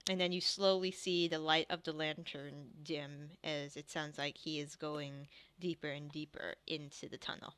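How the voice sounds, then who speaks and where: A woman narrating as game master for a tabletop game, describing scenes in a halting way with many fillers. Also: sits low, little pitch movement, fairly bright tone.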